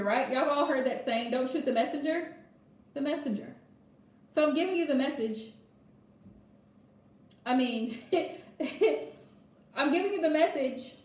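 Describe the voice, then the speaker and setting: Blunt high-voiced woman reader. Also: a little mellow, reverberant. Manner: blunt, emphatic, repeats her point with "right?". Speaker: tarot reader. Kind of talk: casual advice vlog.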